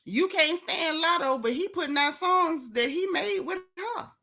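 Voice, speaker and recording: A woman's voice: very high-pitched, animated, unhurried, bright, forceful tone. A woman hosting a gossip vlog in casual commentary, sassy and scolding, firing off rhetorical questions.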